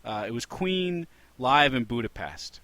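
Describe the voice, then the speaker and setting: Guy hosting a podcast, bright voice, dry close mic, bouncing all over the place. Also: mid-range voice, measured pace, no room sound. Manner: animated storytelling with frequent restarts. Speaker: podcast host. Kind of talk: casual podcast chat.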